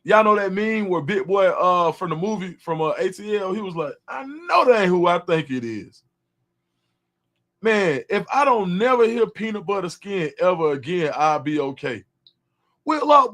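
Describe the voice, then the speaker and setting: A young man hosting a live stream, chatting casually in slang and reacting to viewers' comments. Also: a little high. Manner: animated, slangy, reads chat comments aloud.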